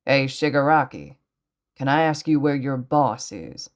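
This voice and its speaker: A commanding male hero, as a woman reading the story puts him on. He presses his questions firmly, in a low voice. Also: big pitch swings, a little slow, full character voice. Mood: demanding.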